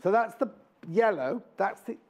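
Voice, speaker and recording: Lively chatty male shopping presenter. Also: high-pitched, moderate pace. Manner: chatty, enthusiastic, jokey. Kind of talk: live TV sales chat. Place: TV studio.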